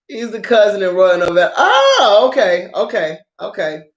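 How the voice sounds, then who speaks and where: A woman's voice: medium pitch, muffled recording. A woman chatting casually to her viewers about dramas she has watched, swearing freely and laughing often. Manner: profane, excitable, laughs often. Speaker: drama review vlogger. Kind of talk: casual unscripted chat to viewers. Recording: roomy echo.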